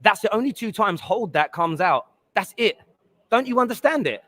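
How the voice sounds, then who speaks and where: A man's voice: sits high, animated, normal speed, a bit bright, dry recording. A man hosting a live football stream, talking over his caller and arguing his point. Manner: interrupting, insistent, exasperated. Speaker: livestream host. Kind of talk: heated live stream chat.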